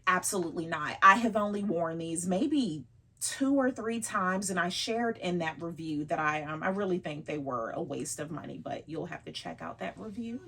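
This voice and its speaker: Chatty woman with a husky voice. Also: fairly low pitch, fairly bright tone. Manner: chatty, laughs often, teasing herself. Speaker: vlogger showing her luxury bags. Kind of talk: casual chatty vlog.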